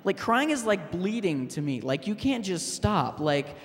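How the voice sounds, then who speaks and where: A man doing a stand-up set, halting and deadpan, with fillers and restarts. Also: high-pitched. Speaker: stand-up comedian. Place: public access TV studio stage. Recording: long hall reverb.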